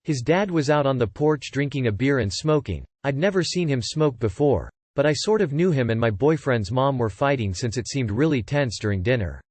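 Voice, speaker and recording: A man narrating online forum posts aloud in a steady, scripted reading style. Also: mid-range voice, moderate pace, few pauses, dry recording.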